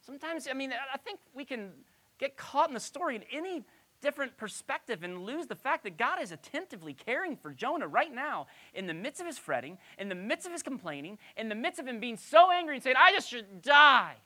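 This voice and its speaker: A woman's voice: a little high, big pitch swings, fairly quick, a bit bright. A woman pastor giving a conversational Bible-teaching sermon, asking her listeners rhetorical questions.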